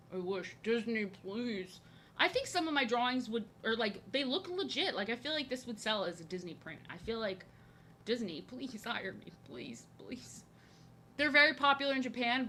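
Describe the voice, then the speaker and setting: A woman's voice: fairly high pitch, sharp tone, a little hiss or hum. A young woman from New Jersey chatting casually while she draws on a live stream, rambling with lots of fillers and restarts, frank and a bit crude. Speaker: streamer and artist.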